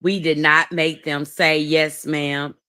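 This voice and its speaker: A woman co-hosting a podcast, cutting in with quick comments and ideas during casual chat. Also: sits low, level tone, pushed and bright, clear, resonant tone, no echo, clean studio sound. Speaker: podcast co-host.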